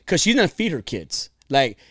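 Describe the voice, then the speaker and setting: A man's voice: fairly high pitch, big pitch swings, moderate pace, no echo, clean studio sound. Laid-back male podcast co-host. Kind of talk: casual profane podcast chat.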